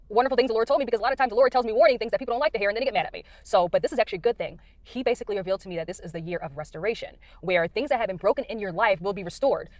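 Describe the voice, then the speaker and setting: Fast-talking earnest woman in a car. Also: mid-range voice, no room sound. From United States. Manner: earnest, rambling, many fillers. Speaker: Christian speaker sharing dreams. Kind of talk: casual testimony.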